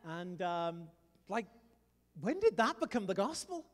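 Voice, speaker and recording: A man from England with a Liverpool accent, preaching a sermon in a lively, chatty way with jokes to the congregation. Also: high voice, unhurried, big-room sound. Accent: Liverpool English. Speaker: pastor.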